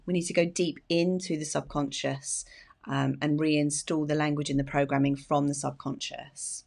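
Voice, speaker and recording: A woman with a notably low voice gives casual advice to her viewers. She talks with chatty enthusiasm, filling gaps with fillers and easy laughs. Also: creaky. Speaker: therapist and video host.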